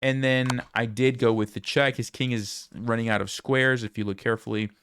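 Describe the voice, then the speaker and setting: A man's voice: mid-range voice, steady tone, moderate pace, fairly bright tone, a little hiss or hum. Casual man talking through a chess game. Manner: conversational, thinking aloud, addresses viewers directly. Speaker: chess content creator reviewing his game. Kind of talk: casual game analysis commentary.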